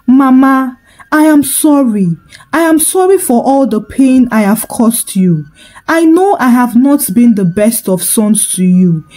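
A woman's voice: a little high, animated, measured pace, warm tone. A woman voicing a panicked young man who cries out in anguish over a curse. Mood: remorseful. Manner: anguished, crying out. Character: panicked young man, regretful rebellious son.

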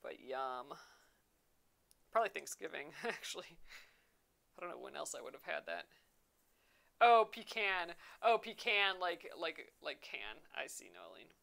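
A woman's voice: low-pitched, sing-song, measured pace, vocal fry, pauses often, a bit bright. A young adult woman hosting a casual craft livestream, chatting and reading viewer comments aloud with frequent laughs. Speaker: embroidery livestream host.

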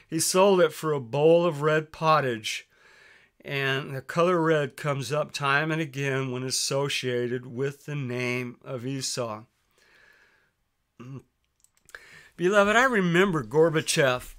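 Slow, bright-voiced preacher. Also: male voice, medium pitch. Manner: reads scripture in a raised, emphatic voice, drops soft on "beloved". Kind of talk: sermon with scripture reading.

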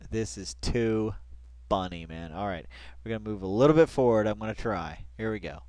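A man hosting a casual reaction video at home on a headset mic, excitable and laughing, tossing "dude" into nearly every line. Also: lowish voice, moderate pace, no echo. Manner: excitable, says "dude" constantly, breaks into laughter.

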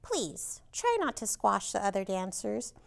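A woman's voice: mid-range voice, big pitch swings, unhurried, gravelly, pitched below the performer's own voice. A woman playing a prim, gracious ballet teacher in a storybook read-aloud, speaking formally and giving commands.

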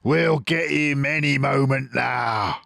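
An older man voicing Boggis, a fat, furious male farmer who shouts his lines. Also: mid-range voice, takes it slowly, gravelly, dry recording, studio quality, voice pushed up, heavily acted. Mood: shouting, furious. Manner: shouting, raised and angry.

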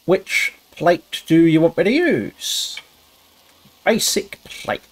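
A man narrates his own gameplay, cursing often and talking himself through each step. His pitch swings widely, and he jumps into high yelps when something goes wrong. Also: very animated, takes it slowly, husky. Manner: swears a lot, talks himself through the tasks. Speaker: gaming channel host. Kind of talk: casual gameplay commentary.

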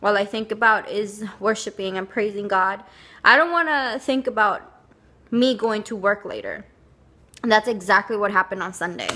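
A woman's voice: medium pitch, lively intonation, normal speed, sharp tone. A young woman chatting casually to camera, telling a rambling story with lots of fillers. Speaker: vlogger.

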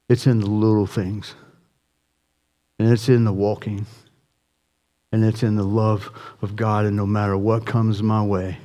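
A male pastor delivering a sermon with real passion. His warm, mellow voice climbs high and loud on appeals, then sinks to a soft hush for quiet moments. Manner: impassioned, rising to near shouting then dropping soft.

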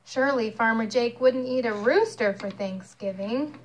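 A young mother reading a picture book aloud to her child, expressive and storytelling. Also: a little high, moderate pace.

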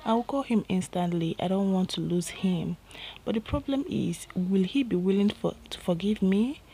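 A woman's voice: mid-range voice, moderate pace, warm tone, a little hiss or hum, close to an everyday voice, low-quality recording. A Nigerian woman voicing Rose, an anxious, impulsive young woman pleading with her lover in a storybook reading. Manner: earnest, pleading, shaky at times. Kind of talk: storybook narration with voiced dialogue.

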